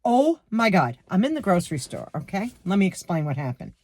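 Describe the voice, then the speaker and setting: Retired New York woman in her sixties, vlog rant, lively pitch, dry sound. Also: brisk, dry recording. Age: 60s. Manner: indignant, animated, acts out quotes. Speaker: vlogger. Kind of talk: storytime rant to camera. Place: her garage. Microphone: camera.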